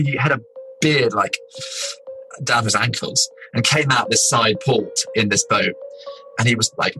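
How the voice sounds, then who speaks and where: A young man from England, an explorer, telling his own story in a casual, animated way, laughing as he goes. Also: medium pitch, low-quality recording. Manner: animated, laughing, doing quick impressions of people.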